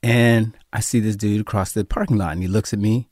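Animated male storyteller, dry sound. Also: lowish voice, brisk, dry recording. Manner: animated storyteller acting out quoted voices, frequent profanity. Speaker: actor, guest. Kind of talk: casual storytelling interview.

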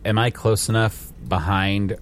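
A man's voice: fairly low pitch, fairly even intonation, a little slow, slight background noise. A man playing in a tabletop game, talking in a laid-back way. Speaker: player. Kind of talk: casual tabletop play.

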